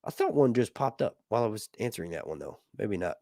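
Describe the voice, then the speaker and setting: A man's voice: lowish voice, sing-song, fast talker, darkish tone, dry recording, clean studio sound. A man hosting a casual live stream, reading viewer messages aloud and chatting with lots of laughs and energy. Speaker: livestream host.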